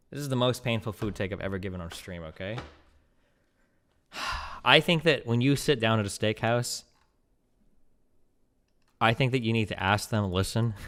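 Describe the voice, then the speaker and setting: A man streaming, ranting casually about food with profane, animated, opinionated talk full of "like" fillers. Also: lowish voice. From United States. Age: 30s.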